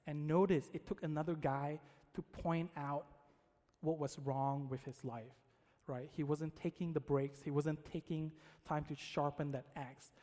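A man's voice: fairly high pitch, mellow, long reverb tail. A man giving a sermon to men, telling a story in a casual, conversational way with frequent "right?".

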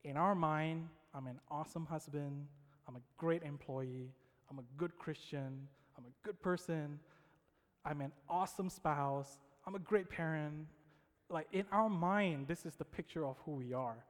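A man preaching a sermon, telling a personal story with lively quoted voices and frequent check-ins with his audience. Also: a little high, measured pace. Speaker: pastor. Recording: long hall reverb.

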